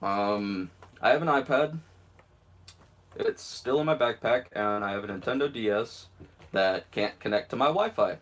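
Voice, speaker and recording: A man's voice: fairly low pitch, lively intonation, measured pace, a bit bright. Rambling young man, self-mocking live-stream chat. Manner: talking around a guitar pick in his mouth. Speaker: channel host.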